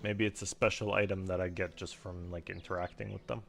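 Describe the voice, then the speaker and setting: A man's voice: low-pitched, little pitch movement, brisk, vocal fry, a bit bright. A man giving casual, chatty gameplay commentary, self-deprecating and swearing now and then. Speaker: streamer.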